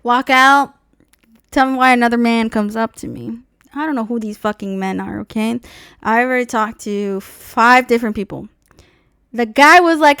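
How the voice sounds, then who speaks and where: A young woman streamer telling a dealership story in a casual, profane rant, acting out the people she quotes in loud high voices. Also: steady tone, moderate pace, no echo, clean studio sound.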